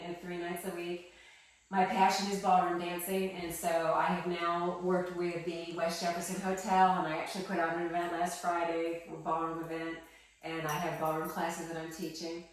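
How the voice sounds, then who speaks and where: A woman giving an emotional personal testimony, talking in a soft, halting way with many pauses and restarts in her small wooden chapel. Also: on the low side. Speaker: interviewee. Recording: echoey room from some distance.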